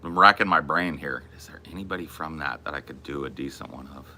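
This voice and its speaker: Laid-back profane man, bright voice. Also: extremely low pitch, fast talker. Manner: profane, laid-back, calls people dude and bro. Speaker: podcast host. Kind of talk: casual chat.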